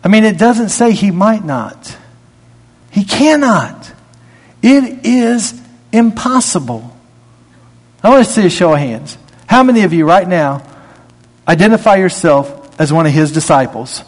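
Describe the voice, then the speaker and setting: A man preaching a sermon in a conversational way, reading scripture aloud and rising in pitch to stress his points. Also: expressive, normal speed. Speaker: pastor. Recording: long hall reverb.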